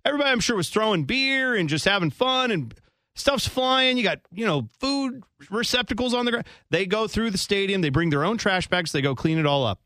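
A man's voice: high voice, animated, fairly quick, sharp tone, dry recording. A man hosting a sports radio show in casual talk, dry and playful, stretching out his questions and explaining games at length. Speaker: radio host.

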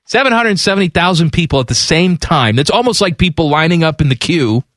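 A man's voice: on the high side, lively intonation, a little fast, a bit bright, no room sound, clean studio sound. A man co-hosting casual sports talk with a wry manner who reads news items aloud. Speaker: sports radio co-host.

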